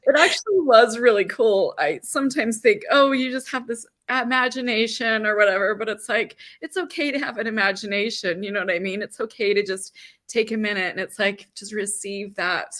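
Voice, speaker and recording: A woman's voice: mid-range voice, fairly quick, fairly bright tone. A woman hosting a live stream, chatting casually with many fillers, emotional and tearful at times. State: crying at times. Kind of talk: casual chat.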